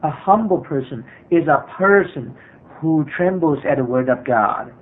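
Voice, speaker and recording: High-voiced preaching man, tinny sound. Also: lively intonation, unhurried. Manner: earnest, repetitive preaching with frequent hesitations. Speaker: pastor. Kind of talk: sermon. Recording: tinny phone-like sermon recording.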